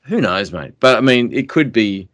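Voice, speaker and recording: A man's voice: medium pitch, expressive, moderate pace, fairly bright tone, no echo, studio quality. A man, chatting casually on a podcast, musing aloud and calling his co-host mate. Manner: musing, calls people mate. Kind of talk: casual chat.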